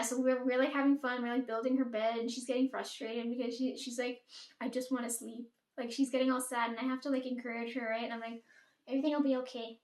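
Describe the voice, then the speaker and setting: A chatty Caribbean woman with a high, slightly mellow voice tells stories in a casual storytime chat. She's profane and leans on fillers like "like" and "right?", and the room gives a roomy echo.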